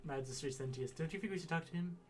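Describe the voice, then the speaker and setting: A man's voice: a little high, racing. A man joking around while commenting casually on a game he plays with a friend. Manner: joking, goofy. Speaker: let's play gamer.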